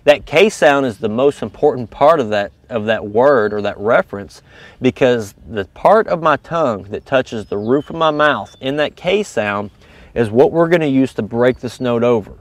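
A man's voice: mid-range voice, lively intonation, moderate pace, dry recording. A man teaching goose calling in a casual, step-by-step coaching manner. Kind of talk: instructional video lesson.

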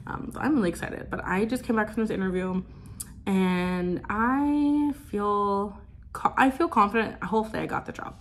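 A woman's voice: medium pitch, normal speed. A woman in her twenties chatting casually in a vlog, rambling with many fillers and cooing to her pet. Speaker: vlogger.

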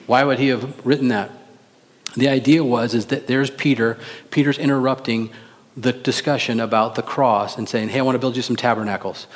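Male pastor, sermon, animated delivery, reverberant church recording. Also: mid-range voice. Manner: animated, acts out quoted voices, rhetorical questions to the congregation. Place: church sanctuary. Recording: long reverb of a church hall.

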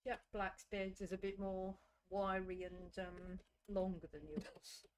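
A woman's voice: medium pitch, level tone, unhurried, a little hiss or hum. A woman teasing playfully as she chats casually with a live-stream host.

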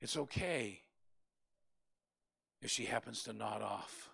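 Fervent gravelly man preaching. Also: fairly low pitch, slow pace, sharp tone. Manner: fervent, emphatic, repeats for stress. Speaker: pastor. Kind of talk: preaching a Bible study.

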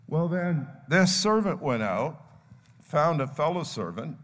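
Slow, animated older preacher in a hall. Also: male voice, on the high side. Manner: animated storytelling, acting out the parable's voices. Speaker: pastor. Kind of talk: sermon. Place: church sanctuary. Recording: long church hall reverb. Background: live congregation.

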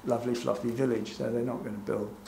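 A man's voice: mid-range voice, level tone, fast, creaky, mellow. Wry, hesitant man in an echoey room. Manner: hesitant, many fillers, wry and chuckling. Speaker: invited speaker. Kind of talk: informal public talk over slides. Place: gallery event room. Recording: echoey room with faint background hum.

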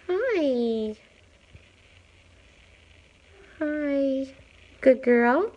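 As manager of an animal shelter, a woman gives a live tour, plainly introducing each cat before switching to high, sing-song cooing. Her tone is fairly bright.

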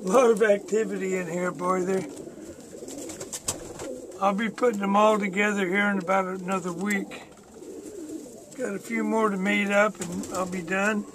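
A man's voice: sits high, little pitch movement, normal speed, pauses often. A man giving a casual, easygoing vlog tour of his pigeon loft, chatting to the camera and coaxing his birds. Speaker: pigeon breeder vlogger. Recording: noisy loft with birds cooing.

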